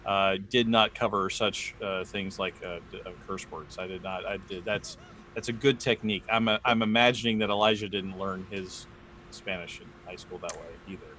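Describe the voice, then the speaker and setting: A lowish American male voice with a halting, rambling delivery, full of restarts. He chats casually on a live podcast stream. A faint hiss sits under the recording. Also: steady tone, sharp tone. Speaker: podcast co-host.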